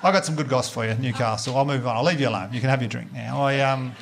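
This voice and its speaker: An Australian man performing a stand-up comedy set, telling stories in a laid-back, sweary, deadpan way. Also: medium pitch, fast, gravelly, slight background noise. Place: live comedy venue with audience laughter.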